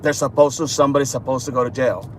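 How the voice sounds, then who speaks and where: A man's voice: mid-range voice, steady tone, fast talker, slight background noise, pitched below the performer's own voice, close to an everyday voice. A man playing a nervous woman in a car brushing off a police officer with hasty reassurances.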